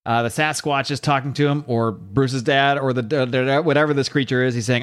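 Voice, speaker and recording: Guy reading a comic out loud, chatty asides, animated. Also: medium pitch, brisk, hardly any pauses. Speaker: comic book reviewer. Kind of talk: reading a comic aloud with commentary.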